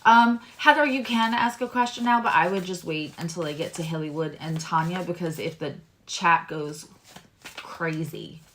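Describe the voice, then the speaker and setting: A woman's voice: lowish voice, moderate pace, a bit bright, slight background noise. A woman hosting a live-stream tarot reading, chatting loosely with viewers and explaining cards. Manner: chatty and rambling, talks to chat viewers.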